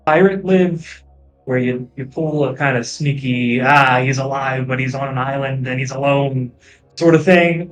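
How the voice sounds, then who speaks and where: A man's voice: medium pitch, natural voice, low-quality recording. A man voicing a big, blunt hooved warrior in a tabletop game, bargaining insistently. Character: brash young half-giant man with hooves.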